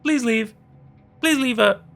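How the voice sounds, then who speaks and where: An eerie voicemail greeting from a young woman, voiced by a man, pitched very high and chirpy. It is far too upbeat, with crackling vocal fry, and it loops its words like a broken recording in a horror storybook. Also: takes it slowly, fairly bright tone, heavily acted. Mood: eerily upbeat. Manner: too upbeat, repeating like a glitch.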